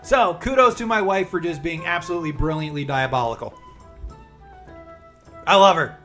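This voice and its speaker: Man, 40s, live streamer, casual chat, upbeat, crisp bright tone, raised pitch. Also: expressive, normal speed, soft background music. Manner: upbeat, chatty, answers viewers by name.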